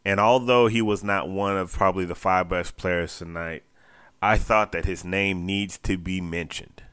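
Chatty man with a bright, smooth voice. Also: deep voice, fairly even intonation, moderate pace, dry recording. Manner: chatty, repeats phrases, chuckles often. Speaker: basketball fan show host. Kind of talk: casual post-game recap.

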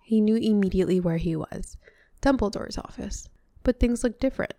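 A woman's voice: medium pitch, fairly quick, warm tone, dry recording, clean studio sound. Woman reading a novel aloud, chatty. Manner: chatty, breaks off to comment. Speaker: reader.

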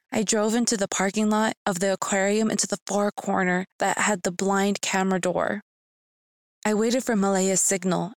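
Young woman narrating a dramatic story. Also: medium pitch. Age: young adult. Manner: expressive, dramatic telling. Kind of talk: first-person story narration.

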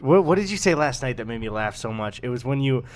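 A man's voice: medium pitch, animated, quick pace. A young man co-hosting a casual podcast, rambling, swearing freely and laughing often. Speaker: podcast co-host.

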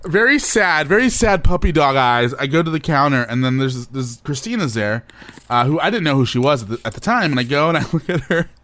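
Animated young man telling a story. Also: fairly high pitch, a little fast. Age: young adult. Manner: animated, laughing storyteller with playful overacting. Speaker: podcast co-host. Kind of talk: casual storytelling chat.

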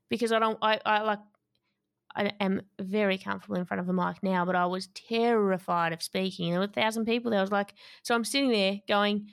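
A woman recounts a story as an interview guest, lively and quick to laugh. Her voice is smooth and resonant, recorded dry and close with no room sound. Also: mid-range voice, no echo. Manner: lively, laughs often while telling a story.

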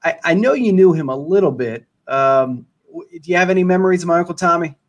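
A man hosting a podcast, interviewing a priest in a casual, halting way. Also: on the high side, animated, highs cut off. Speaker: podcast host.

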